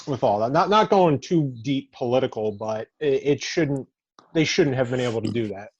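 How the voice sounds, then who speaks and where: A man co-hosting a casual podcast, explaining his view in a measured way. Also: mid-range voice, animated, slightly rough, no echo, muffled recording. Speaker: podcast co-host. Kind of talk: casual chat.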